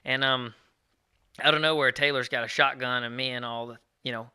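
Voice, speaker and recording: Fast bright-voiced man. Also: medium pitch, clean tone. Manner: fast, animated storyteller, acts out quotes. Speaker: podcast co-host. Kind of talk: casual storytelling chat.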